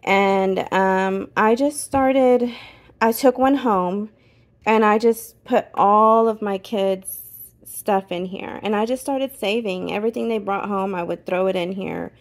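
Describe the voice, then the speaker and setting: A woman's voice: medium pitch, slow pace. A woman, talking in a casual, heartfelt and emotional way as she films her own vlog, tired after a long day of work. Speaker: vlogger.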